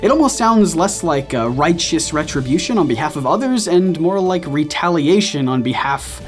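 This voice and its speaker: Animated, playful male video-essay host. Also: fairly high pitch, moderate pace. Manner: playful, self-mocking, animated. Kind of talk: scripted commentary. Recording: faint music behind.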